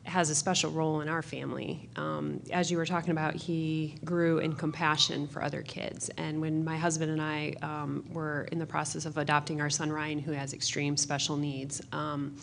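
A woman's voice: low voice, flat delivery, moderate pace, vocal fry, hardly any pauses, a little hiss or hum. A woman in the audience, a mother, earnestly telling a story about her family with many fillers. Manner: earnest, many fillers, mimics children's voices.

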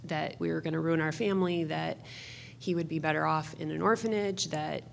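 A woman's voice: sits low, steady tone, fairly quick, creaky, a little hiss or hum. A woman in the audience, a mother, earnestly telling a story about her family with many fillers. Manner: earnest, many fillers, mimics children's voices.

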